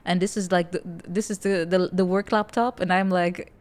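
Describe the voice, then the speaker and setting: A woman's voice: lowish voice, fairly even intonation, moderate pace, darkish tone. A woman streaming a survival game, chatting casually with frequent laughs and rambling asides. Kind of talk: casual gameplay chat. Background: game music.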